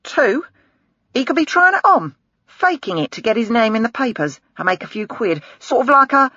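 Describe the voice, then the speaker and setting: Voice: mid-range voice, very animated, normal speed, pushed and bright, dry recording, highs cut off, pitched above the performer's own voice. A narrator voicing a brash middle-aged male detective who talks in a blunt, sarcastic way and swears freely. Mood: lecturing.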